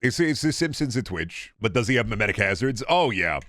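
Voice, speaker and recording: A man's voice: fairly low pitch, very animated, a little fast, a bit bright, no echo, clean studio sound. A man streaming and chatting casually with his viewers, joking, rambling and swearing freely. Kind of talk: casual livestream chat.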